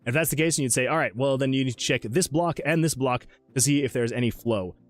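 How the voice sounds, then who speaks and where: A man's voice: medium pitch, fast. A man streaming his game development, chatting in a casual, rambling way and poking fun at himself. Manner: rambling, chatty, with self-deprecating asides. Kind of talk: casual livestream chat.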